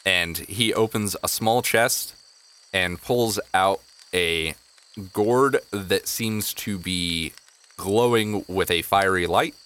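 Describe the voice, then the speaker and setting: A man narrating as game master of a tabletop game, in relaxed, playful storytelling. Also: low-pitched, slow pace.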